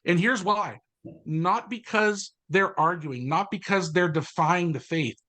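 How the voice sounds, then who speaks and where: A man co-hosting a faith podcast, talking passionately and fast with storytelling asides. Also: sits high, sharp tone. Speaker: co-host, confirmation teacher. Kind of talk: casual podcast chat.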